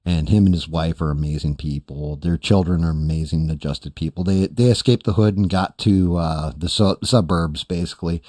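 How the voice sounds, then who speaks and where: A man's voice: low-pitched, moderate pace, few pauses, mellow, no echo, studio quality. A man hosting a podcast, telling a long profane story in a loose, rambling way with quoted voices. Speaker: podcast host. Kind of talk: casual storytelling chat.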